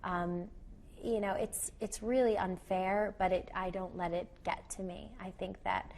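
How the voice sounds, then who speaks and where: A young actress answering TV interview questions in a chatty way, full of "you know" fillers. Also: female voice, mid-range voice, level tone, measured pace, darkish tone. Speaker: actress and singer, interview guest.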